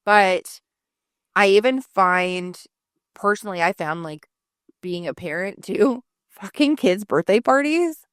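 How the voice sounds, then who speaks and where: This podcast co-host speaks in a mid-range voice, recorded dry with studio quality. Her talk is loose and casual, full of meandering everyday anecdotes and frequent cursing.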